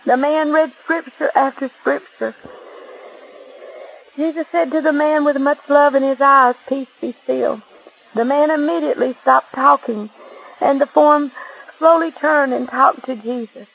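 High, gravelly woman narrating a religious testimony. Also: steady tone, a little slow. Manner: earnest, imploring reading. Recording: dull lo-fi recording.

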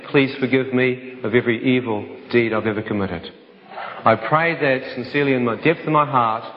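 An earnest man tells his personal testimony to an audience, slowing right down for every prayer he quotes. His voice sits at an ordinary middle pitch. The recording is dull and muffled and carries the long reverb of a large hall. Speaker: speaker giving a personal testimony.

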